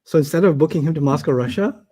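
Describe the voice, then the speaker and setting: Guy teaching an arabic class, kinda high voice, tells funny stories and does all the voices, keeps quizzing students. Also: quick pace. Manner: animated storyteller who acts out quoted people; asks students questions and checks their answers. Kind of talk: casual storytelling and live teaching.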